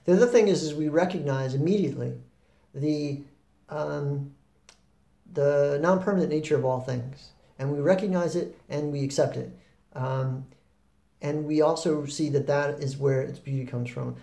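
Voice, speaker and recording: A man giving a reflective spoken talk on happiness, relaxed and rambling, with fillers and restarts. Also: medium pitch, vocal fry, echoey room. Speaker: spiritual talk host.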